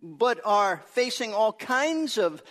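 A man's voice: high voice, big pitch swings, takes it slowly, a bit bright. A man, a pastor, preaching an earnest and emphatic sermon to his congregation.

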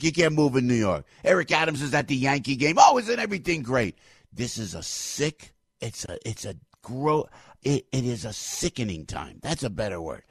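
A man hosting a talk show, giving fired-up political commentary, ranting, repeating himself and bursting into shouts. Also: mid-range voice, breathy edge, no echo, clean studio sound.

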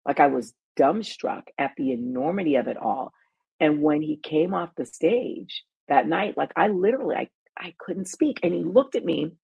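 Middle-aged woman, talk show host, animated storyteller, gravelly, very husky. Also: deep voice, moderate pace, no echo, lo-fi sound. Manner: animated storyteller, restarts and emphatic asides. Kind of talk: casual storytelling chat.

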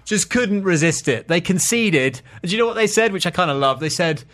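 A man's voice: high-pitched, animated, fairly quick, background noise. A man hosting a podcast, chatting as he tells a history segment. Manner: chatty, storytelling. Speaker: podcast host. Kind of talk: casual chat, telling a history segment.

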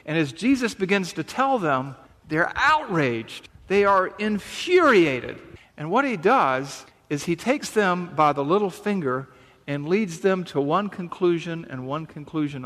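Man preaching, conversational sermon, rhetorical questions, fairly high voice, long reverb. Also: moderate pace, a bit bright. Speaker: pastor.

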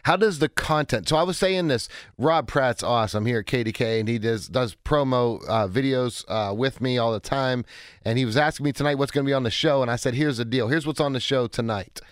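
A man in his forties speaks as a radio call-in host, his voice hoarse and cracking. He talks in an energetic, chatty, self-interrupting way at a middle pitch. The studio sound is close and dry. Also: fairly quick, dry recording. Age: 40s. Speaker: radio talk show host. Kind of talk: call-in radio show monologue.

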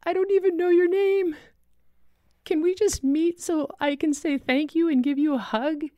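A woman's voice: extremely high pitch, fairly even intonation, normal speed, warm tone, no echo, dull audio, voice pushed up. A woman voicing a thin, emotional seventy-two-year-old man full of gratitude. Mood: pleading. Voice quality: thin, shaky. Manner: grateful, choked up.

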